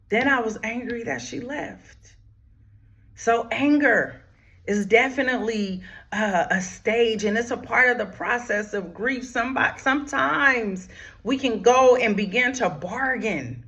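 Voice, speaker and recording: A woman therapist hosting a talk on grief, speaking emphatically and straight to her listeners, dropping to a hush one moment and rising with force the next. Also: a little high, unhurried. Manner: emphatic, preacherly, talks straight to listeners with "y'all"; swings from hushed whispers to raised, forceful lines. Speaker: grief therapist and channel host.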